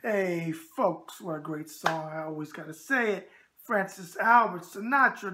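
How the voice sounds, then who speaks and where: A man's voice: high voice, sing-song, a little slow, noisy background. A man with a New York accent hosting a casual boxing video show, chatty and emphatic, full of tough-guy catchphrases. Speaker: host.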